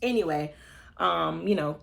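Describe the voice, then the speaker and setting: A woman in her thirties chats through a reality-show recap in a sassy, gossipy way, throwing playful shade. Her everyday voice sits a little low. When she quotes people, she slips into exaggerated high voices. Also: unhurried, creaky, fairly bright tone. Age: 30s. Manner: sassy, chatty and playfully shady. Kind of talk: casual gossip commentary.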